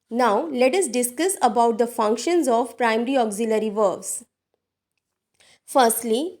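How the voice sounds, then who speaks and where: Slow, high-voiced woman teaching grammar. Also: mellow. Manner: slow, deliberate, addresses viewers as dear students. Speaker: English teacher. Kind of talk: recorded grammar lesson.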